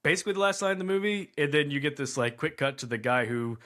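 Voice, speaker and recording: Bright-voiced man reviewing a movie. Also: a little high, animated, fast. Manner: rambling, self-interrupting, incredulous. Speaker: podcast co-host. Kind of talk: casual movie review chat.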